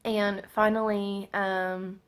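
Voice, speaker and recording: A woman, telling a personal story in a halting way, with many fillers and restarts. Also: mid-range voice, level tone. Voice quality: gravelly. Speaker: vlogger.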